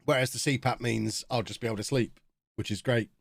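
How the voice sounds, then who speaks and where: Male streamer, thirties, mid pitch, dry close sound, loose casual chat reacting to the match. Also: fairly even intonation, fairly quick, creaky, dry recording. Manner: chatty, reacting to the game as it plays. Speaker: game streamer.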